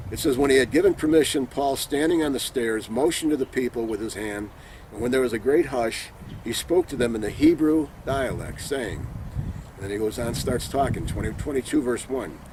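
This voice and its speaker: A man's voice: medium pitch, darkish tone, slight background noise. A man giving an informal Bible teaching, speaking earnestly and emphatically and reading scripture passages aloud.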